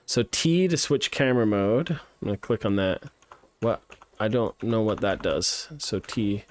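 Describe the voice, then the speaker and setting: A man's voice: fairly low pitch, a little slow. Chatty man playtesting a game live. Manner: chatty, thinks aloud, many fillers and restarts. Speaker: streamer playtesting student games.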